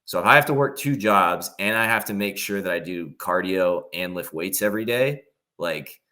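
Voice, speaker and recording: A man's voice: sits low, expressive, moderate pace, pushed and bright. A young man talking casually as a podcast guest, rambling with lots of fillers and acting out his own inner voice. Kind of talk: casual chat.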